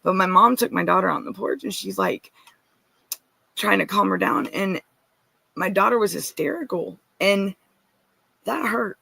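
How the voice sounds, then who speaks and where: A woman's voice: medium pitch, a little slow, vocal fry, long pauses, sharp tone, husky, no echo. A woman giving an earnest, rambling personal account as a guest, often restarting and turning to ask listeners directly.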